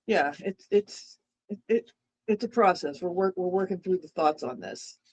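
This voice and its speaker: A woman's voice: lowish voice, moderate pace, darkish tone, slightly rough, poor audio. A woman co-hosting a casual livestream chat, rambling and repeating herself while she eats dinner. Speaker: livestream co-host.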